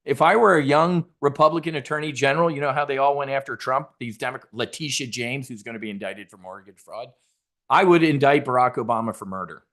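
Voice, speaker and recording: In a profane political rant, a man with a mid-range voice gets combative and sarcastic, swearing frequently and hitting key words with sudden loud bursts. He talks a little fast, like a trading show host who has veered off onto a tangent.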